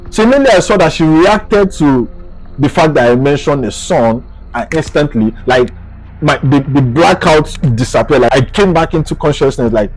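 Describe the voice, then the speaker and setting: A young man from Nigeria with a Nigerian accent, animatedly retelling a personal story as a vlogger, dropping to a hush and rising with excitement. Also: mid-range voice, moderate pace, rough recording. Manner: animated, swings between hushed and excited retelling. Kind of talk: casual storytelling to camera.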